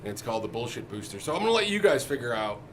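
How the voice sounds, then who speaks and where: A man's voice: mid-range voice, very animated, very fast, a bit bright, slight background noise. A man co-hosting a casual music shop Q&A, loose and joking, swearing casually. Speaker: co-host of a music shop Q&A show. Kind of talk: casual chat.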